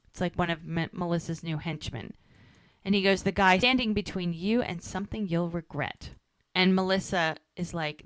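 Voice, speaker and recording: A woman's voice: lowish voice, normal speed, no echo. A woman co-hosting a podcast, casually recapping a TV episode and acting out the characters' lines as she goes. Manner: animated retelling, acting out quotes. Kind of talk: casual chat.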